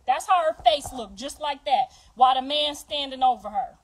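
Ranting on her livestream, the high-pitched middle-aged host curses heavily and turns confrontational toward viewers and absent relatives, lurching from loud outbursts to hushed, bitter muttering. She speaks at normal speed with hardly any pauses over a noisy background.

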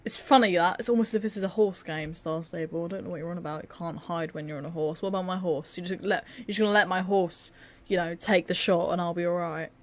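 A woman's voice: on the low side, fairly even intonation, quick pace. A tired young woman giving casual, sarcastic, self-mocking commentary over her gameplay. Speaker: gaming video creator.

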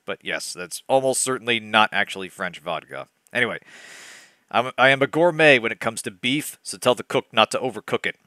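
A man's voice: mid-range voice, animated, a little fast, bright, forceful tone, no echo, studio quality. A young man hosting a comic book-reading game, with wry, digressive asides. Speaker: let's-play host reading a bad novel.

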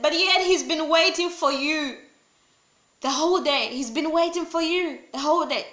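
High, bright-voiced woman preaching. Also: normal speed, roomy sound. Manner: emphatic and repetitive, swinging from loud pleading to low grave tones. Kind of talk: sermon.

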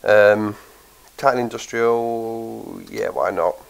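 A man's voice: on the low side, steady tone, slow pace, vocal fry, low-quality recording. A man with a cold and a blocked nose, tired, chatting casually as he plays and thinks aloud with plenty of ums. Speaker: gaming channel host. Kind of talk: casual gameplay commentary.

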